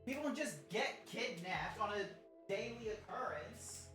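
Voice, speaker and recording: A woman's voice: mid-range voice, lively intonation, measured pace, a bit bright. An Australian woman streaming live, chatting casually with her viewers in a rambling, sweary way as she reacts to chat. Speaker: Twitch streamer. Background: faint background music.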